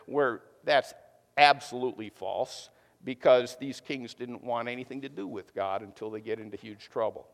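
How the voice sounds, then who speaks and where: Chatty preacher in a reverberant hall. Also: male voice, medium pitch, normal speed, fairly bright tone. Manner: casual, chatty storytelling with many fillers. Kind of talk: sermon.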